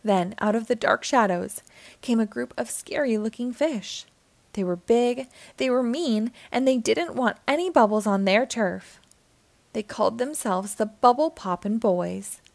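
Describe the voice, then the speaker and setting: A woman narrating a children's storybook aloud, with an expressive, clear delivery. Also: a little high, a little slow, no echo. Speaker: children's book reader.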